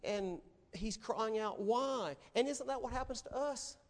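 Male pastor, high voice, emphatic dramatic preaching, long hall reverb. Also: moderate pace. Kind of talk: sermon.

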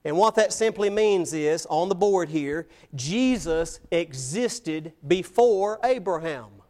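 A man with a high voice delivers a sermon from the pulpit. He talks emphatically and presses his points with rhetorical questions. His volume swings between loud declarations and quiet asides. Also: expressive, takes it slowly. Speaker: preacher. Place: church, evening service.

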